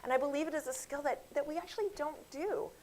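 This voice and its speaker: A woman's voice: high voice, fast talker, a little hiss or hum, rough recording. Woman physician telling stories to an audience. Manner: lively storytelling, acts out quoted voices; addresses audience directly. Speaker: physician lecturer. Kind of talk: medical grand rounds lecture.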